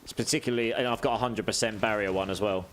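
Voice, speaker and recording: A man's voice: on the low side, steady tone, quick pace, a bit bright, slight background noise. A British man streaming a game live, chatting casually as he reads out and answers viewer messages.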